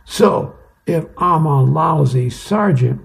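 A man voicing a cranky male army sergeant who yells at his soldiers in exasperation. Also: a little high, lively intonation, slow pace, creaky, voice pushed up, exaggerated voice. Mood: angry. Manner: yelling, exasperated.

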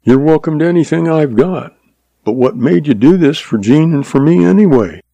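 A man's voice: on the high side, expressive, normal speed, gravelly, dark tone, no echo, voice pushed up. A man voicing a friendly young husband who asks openly and gladly. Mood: grateful.

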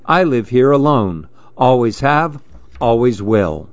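A man's voice: medium pitch, sing-song, slow pace, dry recording, dull audio. A man voicing a grumpy reclusive boy who wants to be left alone, speaking in a fussy, exclaiming way.

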